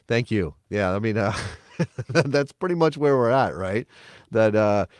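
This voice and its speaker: A man co-hosting a casual sports podcast, talking in an animated, emphatic and sarcastic way. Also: on the low side, unhurried, dry recording. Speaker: podcast co-host.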